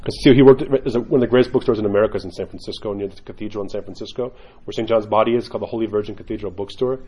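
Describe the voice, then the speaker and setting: A male priest giving an informal sermon full of stories and asides, in a conversational, animated way. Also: on the low side, racing, breathy edge.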